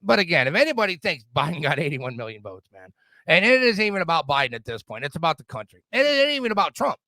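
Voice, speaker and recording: A man's voice: fairly high pitch, big pitch swings, fast, bright, forceful tone, no room sound. A middle-aged man hosting a podcast, ranting casually and profanely about politics, often stammering and restarting his sentences. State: drinking whiskey. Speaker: podcast host.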